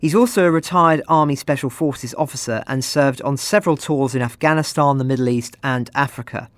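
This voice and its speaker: A man hosting a news podcast, reading measured commentary with pointed emphasis. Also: mid-range voice, no room sound. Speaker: podcast host.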